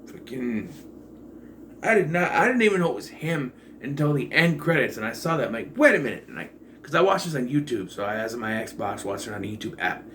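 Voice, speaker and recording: A man giving a casual, rambling movie review, full of fillers and the occasional swear, jumping between loud excitement and quiet asides. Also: medium pitch, fairly quick, slight background noise. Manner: rambling and digressive, with profanity and many fillers.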